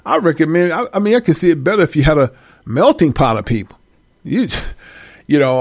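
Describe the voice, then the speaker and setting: Animated, laughing man talking to viewers. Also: fairly high pitch, unhurried, vocal fry, pauses often, no echo, clean studio sound. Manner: animated, swears freely, laughs often. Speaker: host. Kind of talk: casual monologue to viewers.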